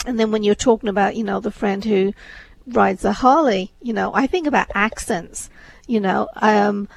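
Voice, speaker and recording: Gravelly-voiced woman co-host. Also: mid-range voice, normal speed, rough recording. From England. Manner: thoughtful, chatty with many fillers. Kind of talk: casual discussion.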